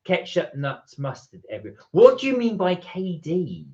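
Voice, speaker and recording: A man's voice: sits high, wildly swooping pitch, moderate pace, mellow. Chatty man reading live chat. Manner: chatty, reads viewer comments aloud. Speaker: livestream co-host. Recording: dull lo-fi stream audio.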